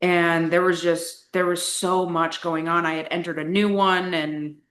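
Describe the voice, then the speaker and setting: Unhurried and level, with a lowish, somewhat bright voice, a young woman shares her story as a coaching client. The casual interview is candid and chatty, dotted with "like" fillers, and the space sounds echoey.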